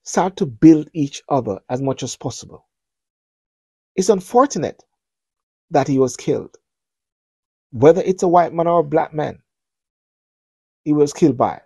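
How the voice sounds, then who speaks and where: A middle-aged man talks to camera as a show host, pressing his point with earnest, repeated appeals. His voice is mellow and a little husky. The sound is dry and close. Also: a little high, animated, a little slow, long pauses, dry recording. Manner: earnest, repetitive, preacher-like appeals. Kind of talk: spoken commentary.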